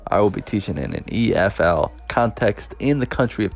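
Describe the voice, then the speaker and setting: Young dude rambling on his podcast, low voice with lots of fry. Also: normal speed, few pauses, faint music behind. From United States. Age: 20s. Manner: rambling, chatty, laughs often. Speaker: podcast host. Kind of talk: casual solo podcast monologue.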